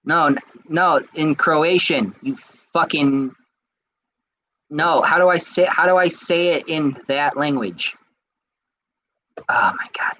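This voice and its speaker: Excitable, bright-voiced man rambling. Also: fairly high pitch, takes it slowly, lo-fi sound. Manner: excitable and rambling, with frequent restarts. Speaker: podcast host. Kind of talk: casual chat answering viewer comments.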